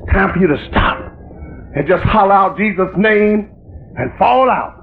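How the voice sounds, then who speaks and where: A man preaching a fiery sermon in a very high, gravelly voice that rises into shouting. The recording is tinny and lo-fi, with a faint hiss underneath. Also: lively intonation, moderate pace.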